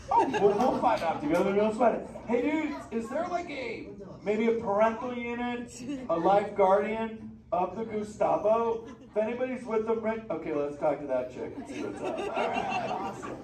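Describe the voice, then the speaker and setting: A man's voice: high-pitched, very animated, normal speed, crowd noise. A man voicing a laid-back male surfer sea turtle in a live show, joking with kids in surfer slang. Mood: teasing. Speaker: live show character chatting with audience. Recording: echoey theater from far off, loud audience noise.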